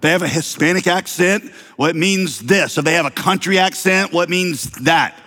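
A male pastor with a light Southern American accent delivers a sermon in a fairly high voice. He preaches conversationally, mixing humor and rhetorical questions. The sound carries the long reverb of a large church hall. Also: normal speed, pushed and bright. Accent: slight Southern American. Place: church sanctuary.

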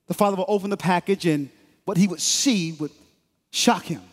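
High-voiced preacher telling a story. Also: male voice, long reverb tail. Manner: dramatic, measured storytelling. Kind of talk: sermon illustration storytelling. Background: music.

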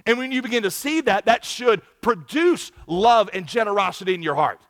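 High-voiced man preaching in a hall. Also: moderate pace. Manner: animated, acts out quoted voices with big jumps in volume. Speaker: pastor. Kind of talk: sermon.

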